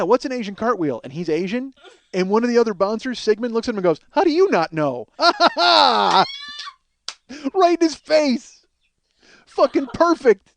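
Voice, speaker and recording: A man's voice: high-pitched, a little mellow. A man hosting a podcast, telling a profane comic story and acting out the dialogue he quotes. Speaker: podcast host.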